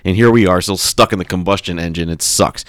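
A man co-hosting a casual podcast, rambling and swearing as he talks excitedly about a video game. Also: deep voice, a little fast, no room sound, studio quality. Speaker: podcast co-host. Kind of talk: casual chat.

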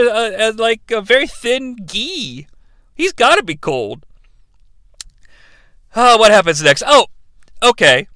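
A man with a fairly high, bright voice rambles through a sarcastic film recap, swearing freely. The recording is close and dry. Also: dry recording. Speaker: podcast host reviewing a film. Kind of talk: casual comedic film recap.

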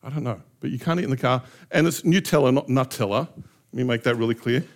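A middle-aged man telling lively anecdotes in a relaxed storytelling talk, often laughing as he goes. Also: medium pitch, quick pace. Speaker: speaker.

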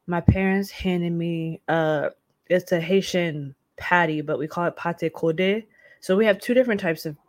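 A young woman vlogging, telling a story in a casual, dramatic and animated way with lots of slang. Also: lowish voice, no echo. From United States.

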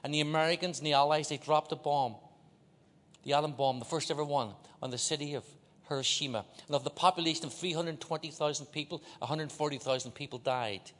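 A man preaching to a large church, his voice sitting a little high for a man as it rings out with a long hall reverb. He teases the crowd and has them call words back to him. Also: fairly even intonation, fast talker, fairly bright tone. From Ireland. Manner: joking, leads the crowd in call-and-response. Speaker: guest preacher. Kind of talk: sermon.

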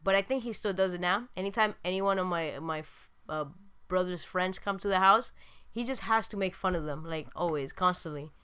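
A woman's voice: on the low side, fairly quick, bright, forceful tone, clear, resonant tone. A woman co-hosting a podcast, chatting casually and telling laughing stories full of slang catchphrases. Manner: laughing storyteller who mimics slang catchphrases. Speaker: podcast co-host. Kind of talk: casual chat.

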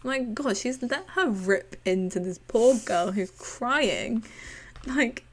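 A woman's voice: a little high, lively intonation, takes it slowly. A young woman co-hosting a podcast, recapping a TV episode in casual chat and often acting out lines from the scenes with a giggle. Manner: chatty, giggly, retells scenes in quoted voices. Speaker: podcast co-host.

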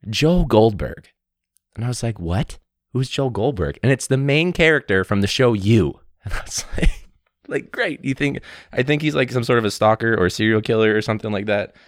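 Deep-voiced man on a podcast, wry. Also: lively intonation, brisk, dry recording, studio quality. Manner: candid, rambling, wry. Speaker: teacher and podcast host. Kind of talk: casual solo podcast talk. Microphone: studio mic with pop filter.

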